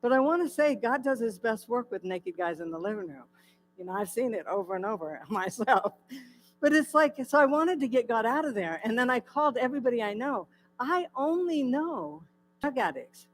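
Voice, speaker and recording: A woman giving a personal recovery testimony at a church, telling her story in a lively way, acting out the dialogue and often laughing. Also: fairly high pitch, moderate pace, slight background noise, poor audio. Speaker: guest speaker at a church. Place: church hall.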